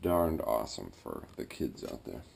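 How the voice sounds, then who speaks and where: A man talking casually as he works on his home boiler, thinking aloud with fillers and throat clearing. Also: rumbling low, big pitch swings, moderate pace, darkish tone, a little hiss or hum. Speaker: DIY builder vlogging his project. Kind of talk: casual talk-through while working. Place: garage boiler room, indoors. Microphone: action camera.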